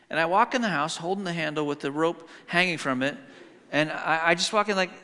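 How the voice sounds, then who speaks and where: Middle-aged man preaching, bright forceful voice, slightly high, long hall reverb. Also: a little fast. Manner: animated storytelling, swings from hushed to loud. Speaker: pastor. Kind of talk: sermon.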